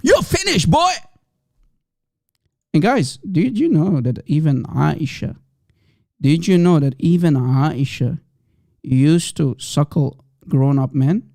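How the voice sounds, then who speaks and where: A man hosting a livestream, reacting to clips with laughing, excitable, mocking asides to viewers. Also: a little high, slow, creaky, no room sound, clean studio sound. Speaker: livestream host. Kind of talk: live reaction commentary.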